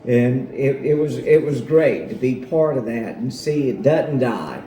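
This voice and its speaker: Slow heartfelt man in an echoey room. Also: mid-range voice, animated, warm tone. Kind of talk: heartfelt tribute at a gathering. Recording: echoey room, faint noise.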